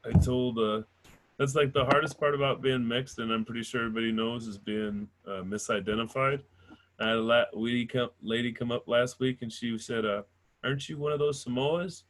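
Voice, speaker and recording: A man's voice: medium pitch, steady tone, fairly quick, fairly bright tone. Laid-back man hosting a comedy night. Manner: loose, joking, laughs often. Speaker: comedy show host. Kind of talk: stand-up hosting.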